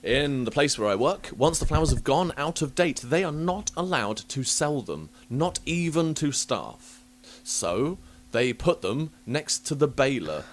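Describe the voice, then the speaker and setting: A young man hosting a podcast, telling stories in a casual, animated way, swearing freely and laughing often. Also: mid-range voice, measured pace. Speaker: podcast host. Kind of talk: casual chat.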